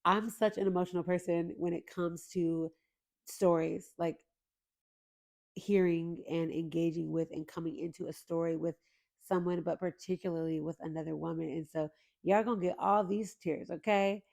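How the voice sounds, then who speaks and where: A young woman hosts her own faith podcast and speaks to her listeners in an earnest, openly emotional way. Her voice sits a little low, with a warm, mellow tone and a gravelly edge. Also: fairly even intonation, normal speed. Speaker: podcast host. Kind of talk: heartfelt faith podcast intro.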